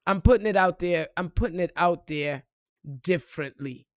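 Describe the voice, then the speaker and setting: A woman giving a blunt, profane motivational monologue, repeating phrases and swinging between loud outbursts and low, reflective tones. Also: normal speed, no room sound, studio quality. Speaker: spiritual reader and motivational vlogger.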